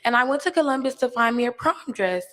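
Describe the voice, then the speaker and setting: A teenage girl with a fairly high voice gives a personal testimony, earnest and halting with frequent fillers. Her voice rings out with a long hall reverb. She comes across as a young student speaker addressing a gathering. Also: animated, a bit bright. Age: teens.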